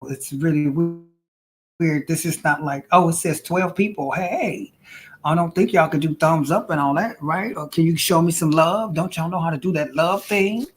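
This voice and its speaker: A woman's voice: deep voice, moderate pace, faint music behind. A woman hosting a casual livestream as an intuitive reader, chatty and playful, calling viewers honey and girl.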